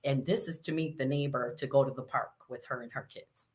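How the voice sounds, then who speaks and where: A Chicago woman in her sixties speaks in a rumbling low voice at a fairly quick pace, with noise in the background. She's a guest in a casual interview, telling stories with animation and acting out the voices of the people she quotes.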